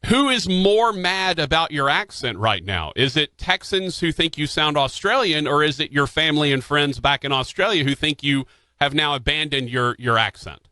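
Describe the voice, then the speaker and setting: A male radio host with a fairly high, bright voice talks casually into a dry studio microphone. He rambles and restarts his questions, leaning on fillers as he goes. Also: lively intonation, normal speed, dry recording. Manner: chatty, frequent restarts and fillers.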